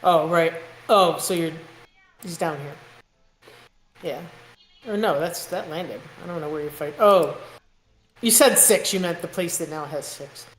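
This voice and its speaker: A woman's voice: on the low side, measured pace, long pauses, roomy sound, slight background noise, rough recording. A woman playing a strategy board game on a live stream, carefully going over her teammate's moves.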